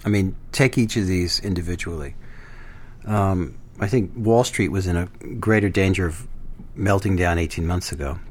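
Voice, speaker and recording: A man discussing politics on a panel, measured and hesitant, with many fillers and restarts. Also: low voice. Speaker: guest commentator.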